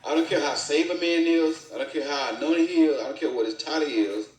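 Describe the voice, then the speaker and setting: A man's voice: fairly high pitch, fairly quick, distant mic. A man co-hosting a casual relationship talk, speaking in an earnest, preachy way and quoting scripture. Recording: roomy, off-mic.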